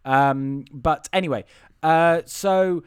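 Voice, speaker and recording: A man's voice: fairly high pitch, takes it slowly, clear, resonant tone, no room sound, clean studio sound. A man co-hosting a podcast, recapping a film in casual chat, laughing and swearing, with plenty of fillers. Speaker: podcast co-host.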